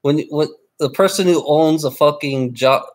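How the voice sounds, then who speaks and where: Angry livestreamer guy, slightly high voice, profane, stammering rant. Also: normal speed. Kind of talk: casual live stream rant.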